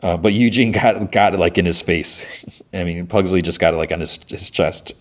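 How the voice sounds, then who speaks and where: Low-voiced rambling podcast host. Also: male voice, moderate pace. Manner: rambling, many fillers and restarts. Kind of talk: casual episode recap.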